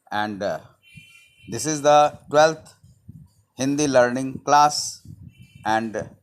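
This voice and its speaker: Slow, halting man teaching Hindi. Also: mid-range voice. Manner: slow, halting speech with many pauses and fillers. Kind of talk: online language lesson.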